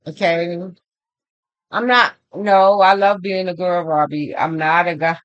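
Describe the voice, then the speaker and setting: Animated, foul-mouthed woman reading the stars. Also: lowish voice, unhurried, clean tone, lo-fi sound. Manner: animated, profane, rambling storytelling; emphatic back-and-forth retelling of arguments. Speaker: astrology and tarot reader. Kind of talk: casual spoken monologue.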